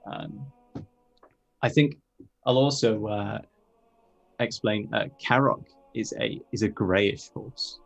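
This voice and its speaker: A man describing his character in a tabletop game, speaking in a halting way with frequent ums. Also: on the low side, vocal fry, faint music behind, rough recording. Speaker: player.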